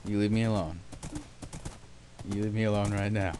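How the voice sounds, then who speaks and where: A man's voice: fairly low pitch, fairly even intonation, normal speed, background noise. A young man casually narrating his gameplay, rambling with sarcastic, self-mocking asides. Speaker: let's play host.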